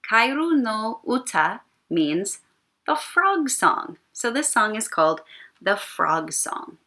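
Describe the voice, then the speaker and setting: A woman teaching an elementary music class, guiding young children through a playful warm-up with sing-song sound effects. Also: a little high, sing-song, takes it slowly. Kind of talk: recorded lesson for young children.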